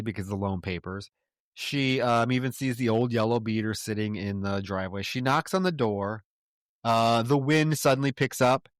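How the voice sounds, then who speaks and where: A man co-hosting a podcast, recapping a film in a loose, animated way and briefly mimicking characters. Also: medium pitch, no echo, clean studio sound. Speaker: podcast co-host.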